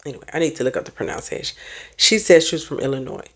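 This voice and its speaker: A woman therapist and life coach giving animated, preachy advice in a casual motivational vlog, talking back to online commenters. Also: rumbling low, very fast, gravelly, husky. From United States.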